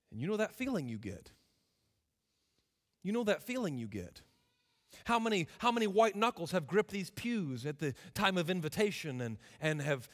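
High, bright-voiced preacher in an echoing church. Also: male voice. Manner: impassioned, swings from loud to hushed. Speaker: guest preacher. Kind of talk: sermon. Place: church sanctuary. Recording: reverberant church hall.

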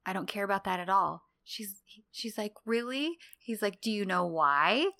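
Bright-voiced woman recapping a drama. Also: mid-range voice. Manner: animated retelling, acts out lines in quick voices. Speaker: podcast co-host. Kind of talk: casual chat recapping a drama.

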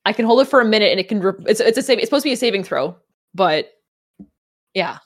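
A woman's voice: medium pitch, animated, fast talker. A woman playing in a tabletop game, casual and laughing, swearing now and then. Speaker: player.

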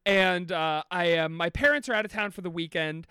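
A man's voice: high voice, normal speed, pushed and bright, clear, resonant tone, no echo, clean studio sound. A man on a comedy podcast, playful and loose, laughing often while telling stories. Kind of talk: comic storytelling and banter.

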